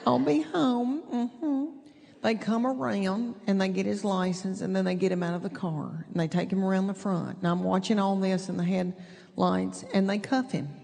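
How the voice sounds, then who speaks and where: A woman's voice: medium pitch, fairly even intonation, creaky, dark tone. Folksy Southern woman telling stand-up stories. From East Tennessee. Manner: folksy, chatty, drawn-out punchlines. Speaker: stand-up comedian. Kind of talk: stand-up storytelling. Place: theater stage with audience. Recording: live stage mic in a reverberant hall.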